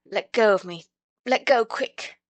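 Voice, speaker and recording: A woman's voice: fairly high pitch, unhurried, no echo, voice pushed up, close to an everyday voice. A woman voicing a proud, indignant injured boy in a storybook reading. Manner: indignant, pained, curt.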